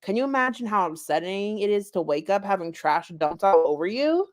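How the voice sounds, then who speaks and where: A woman's voice: mid-range voice, animated, a little fast, natural voice. A woman voicing a tiny, bubbly, childish woman who talks in a whiny, self-assured way. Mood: complaining.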